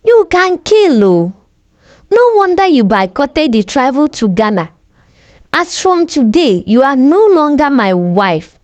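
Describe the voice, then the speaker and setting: A betrayed politician coldly casts off his wife. A woman storyteller voices him in a slow, measured, dry delivery. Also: sits high, sing-song, darkish tone, no room sound. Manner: cold, dismissive. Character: stern betrayed husband, an honorable politician.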